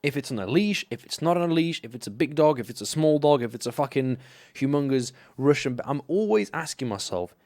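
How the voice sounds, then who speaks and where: A young man from Slovenia tells stories on a live stream in a loose, rambling way. He swears freely and often restarts his sentences, and his voice sits at an ordinary middle pitch. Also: fairly quick. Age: young adult. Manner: rambling, profane, animated anecdotes. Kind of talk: casual live-stream storytelling.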